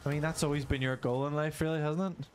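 A man's voice: fairly high pitch, fairly even intonation, quick pace, smooth, no echo. A man co-hosting a let's-play, teasing his friend with swearing and jokes. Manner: joking, teasing, swearing, slips into silly put-on voices. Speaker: co-host. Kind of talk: casual let's-play banter.

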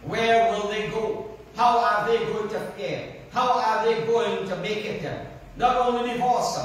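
A man's voice: sits high, steady tone, measured pace. A man preaching a sermon, telling little stories and dropping in praises to God in a sing-song way. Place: church service hall. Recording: echoey hall from far off, faint noise.

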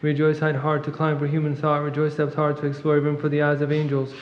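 Male reader, rapid monotone liturgical recitation; muffled, long church reverb. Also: fairly high pitch. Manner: fast monotone recitation, clears throat at times. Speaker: reader at a monastery service. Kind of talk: rapid liturgical chant reading.

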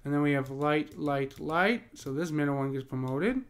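A man teaching poetic meter in a casual, chatty way, full of ums and quick check-ins with the viewer, and reading verse slowly. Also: fairly high pitch, smooth. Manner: loose and chatty, many ums and "cool, right?"; slow, deliberate reading of verse. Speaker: poetry teacher. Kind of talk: casual screen-share lesson with poem reading.

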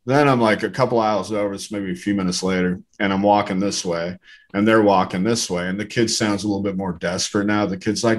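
Low-voiced male stand-up comic. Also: brisk. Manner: deadpan storytelling, acts out characters. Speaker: stand-up comedian. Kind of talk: stand-up storytelling. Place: comedy club stage.

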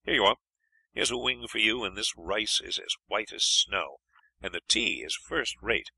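An audiobook narrator voicing a cheerful, plucky young lad who talks in a hearty, encouraging way. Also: male voice, fairly low pitch, normal speed, gravelly, sharp tone, slightly rough, dry recording, heavily acted, rough recording.

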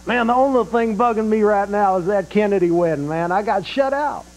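A man's voice: sits high, a little fast. A man playing a hip, boastful president on a satellite link, with a cackling, slangy drawl. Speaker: comedy sketch performer. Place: late-night TV studio. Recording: noisy broadcast with loud studio audience.

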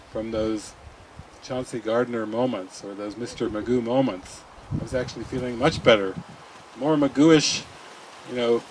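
Relaxed musing man giving a spiritual talk. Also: mid-range voice, a little hiss or hum, low-quality recording. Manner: relaxed, musing, laughs often. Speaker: spiritual teacher.

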